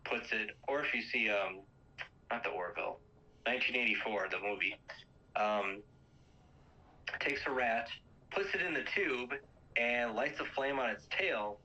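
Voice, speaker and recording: A man's voice: mid-range voice, measured pace, long pauses, pushed and bright, dull audio. A man casually retelling a movie's plot, rambling with lots of fillers and acting out quoted lines.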